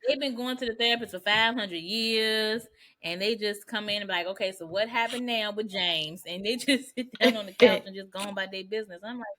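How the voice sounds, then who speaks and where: A woman co-hosting a podcast in casual chat, talking in a relaxed, slangy way with laughing asides. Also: medium pitch, a little fast. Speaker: podcast co-host.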